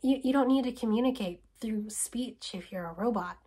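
A woman with a fairly high voice riffs to camera in a casual, sarcastic rant. She asks rhetorical question after rhetorical question and sometimes sinks into an exasperated whisper. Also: moderate pace, dark tone, breathy edge. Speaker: video essayist host. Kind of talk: casual spoken commentary.

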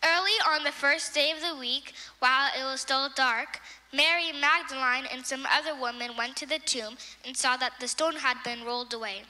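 A woman narrating a Bible story for children in a simple, clear storytelling manner. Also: sits high, normal speed, bright, forceful tone, long reverb tail. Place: church.

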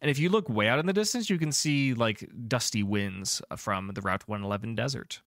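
A man narrating as game master in a tabletop game, chatty and descriptive and filling his pauses with um and uh. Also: medium pitch, fairly bright tone, no echo, studio quality.

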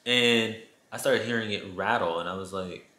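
A man recounts a story for his viewers in a casual vlog, swearing freely and building drama as he goes. His voice is bright and tense. The echoey room rings around him. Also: lowish voice, moderate pace. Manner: animated, profane, dramatic storytelling addressing viewers. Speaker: vlogger telling a story. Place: his apartment.

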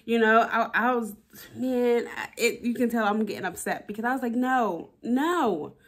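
A woman's voice: on the high side, a little fast. A woman vlogging candidly about her relationship, emotional and blunt, swearing and repeating herself for emphasis. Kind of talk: personal vlog, talking to camera.

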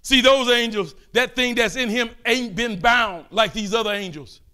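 High bright older male preacher. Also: moderate pace, clean tone. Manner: fervent, calls out and pleads, mixes in quiet asides. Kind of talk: sermon.

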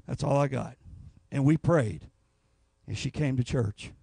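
A man's voice: medium pitch, unhurried, vocal fry, husky, no room sound. A man preaching a Pentecostal revival sermon, telling folksy stories and acting out voices. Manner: animated, folksy storytelling with acted voices.

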